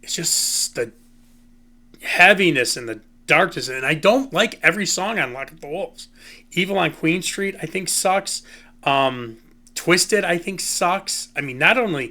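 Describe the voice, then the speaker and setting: A man's voice: fairly high pitch, lively intonation, a little slow, pushed and bright. A man hosting a casual music commentary, talking in a rambling, opinionated way and often saying "you know" and "um". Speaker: host.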